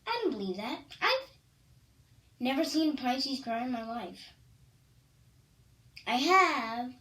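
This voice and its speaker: A high-voiced woman rambles to her camera in a casual monologue. She talks slowly, circling back and repeating lines for emphasis. Her thoughts come out in stops and restarts. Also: very animated, sharp tone, far from the mic. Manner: rambling, stop-start, emphatic repetitions. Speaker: vlogger.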